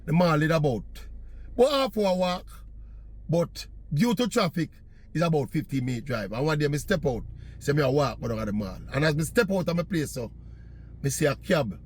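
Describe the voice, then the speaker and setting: Jamaican man, husky voice, higher pitch, lively animated storytelling in patois. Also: normal speed. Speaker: vlogger. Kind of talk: casual storytelling monologue.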